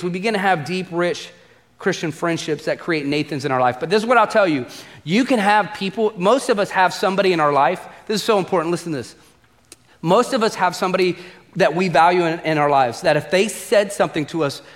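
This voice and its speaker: A male pastor giving a conversational sermon. He repeats key phrases for emphasis and drops to a quiet, low voice on serious points. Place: church auditorium. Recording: long hall reverb from a church.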